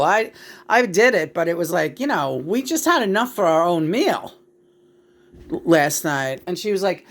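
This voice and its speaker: A woman's voice: on the low side, very animated, moderate pace. A woman vlogging casually at home, launching into heated, profane rants. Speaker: self-described channeler and vlogger. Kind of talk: casual spoken vlog.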